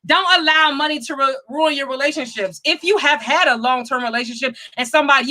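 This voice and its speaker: High bright-voiced energetic woman host. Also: low-quality recording. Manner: energetic, chatty, greets viewers by name. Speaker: host of a live money talk show. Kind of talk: live-stream show talk.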